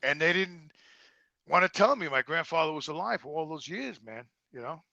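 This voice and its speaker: A middle-aged man with a New York accent telling profane, animated stories in casual conversation. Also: on the high side, moderate pace, creaky, dry recording, dull audio. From Brooklyn, New York. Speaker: guest. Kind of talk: casual storytelling.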